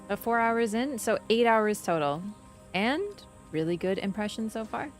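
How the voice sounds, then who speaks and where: A woman streaming a game, chatting casually with her viewers, teasing and jumping between excited bursts and low mutters. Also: moderate pace, faint music behind. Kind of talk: casual gameplay commentary.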